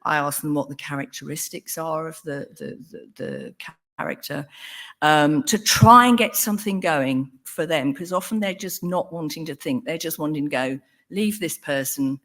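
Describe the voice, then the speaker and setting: An older woman talks through her clinical work in an earnest, thoughtful way. Her voice sits a little low for a woman. She pauses with ums and restarts her sentences as she thinks. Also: animated, vocal fry, a bit bright. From England. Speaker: psychotherapist. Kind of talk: talk on a panel.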